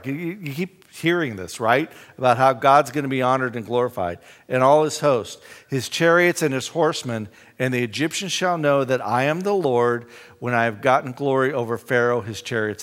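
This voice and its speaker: A man's voice: medium pitch, a bit bright. A man teaching a Bible study in a conversational way, reading scripture aloud with emphasis. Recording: long reverb in a hall.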